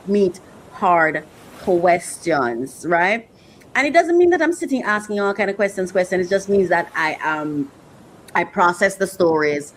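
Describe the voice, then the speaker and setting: A woman's voice: medium pitch, slight background noise, low-quality recording. A woman hosting a podcast, talking earnestly and reflectively, often repeating herself and getting emotional. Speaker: podcast host.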